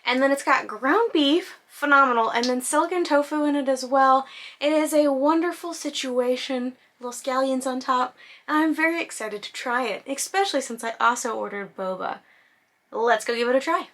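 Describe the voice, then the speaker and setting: A woman's voice: sits high, fairly bright tone. A woman food vlogger, bubbly and enthusiastic, giving a casual review of a dish at home in her kitchen.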